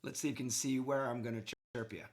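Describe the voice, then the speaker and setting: A man's voice: mid-range voice, steady tone, quick pace. A man coaching hockey, talking a player through game footage in a casual, enthusiastic way, checking in often with "okay". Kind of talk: video game analysis for a player.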